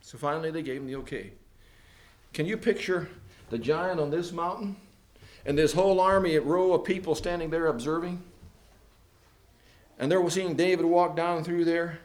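A man with a notably high voice preaches in a church, possibly. He tells the story in his own words and jumps into different voices for the people in it. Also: moderate pace, pauses often. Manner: animated retelling with voiced characters. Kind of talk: storytelling sermon.

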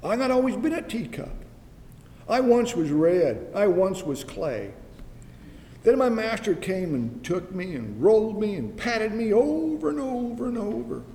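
A man's voice: high voice, very animated, a little slow, warm tone, voice pushed up, heavily acted. A man voicing a suffering clay teacup that pleads and fears as it tells its tale. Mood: plaintive. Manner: plaintive storytelling, rising urgency. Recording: echoey hall with faint noise.

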